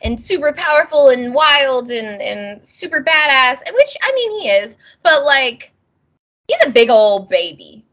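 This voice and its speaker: A woman's voice: sits high, big pitch swings, measured pace, a bit bright. A woman co-hosting a podcast, chatting casually and animatedly, often acting out characters' lines. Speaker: podcast co-host. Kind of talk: casual chat.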